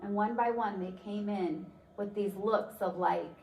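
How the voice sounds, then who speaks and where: Her voice is creaky and medium-pitched, moving a little slowly, as she tells a personal story in a motivational talk. The delivery is conversational and filler-heavy, and the recording sounds roomy, with a distant mic and faint background noise.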